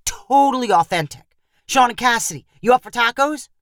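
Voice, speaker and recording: A woman's voice: a little high, animated, moderate pace, dry recording, clean studio sound, voice pushed up, close to an everyday voice. Woman voicing a brash, pushy young man. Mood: eager. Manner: brash, upbeat and loud.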